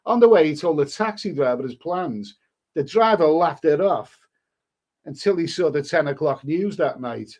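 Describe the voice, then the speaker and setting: A man's voice: fairly high pitch, expressive, moderate pace, a little mellow. Chatty man reading a tale aloud. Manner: chatty, breaks off a story to answer the chat. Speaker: live stream host. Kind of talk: casual reading aloud to a live chat.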